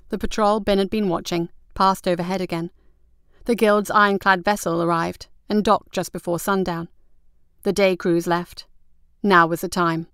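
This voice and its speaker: A woman reading a story aloud in a measured, scripted narration. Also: mid-range voice, a bit bright, smooth, no echo, clean studio sound.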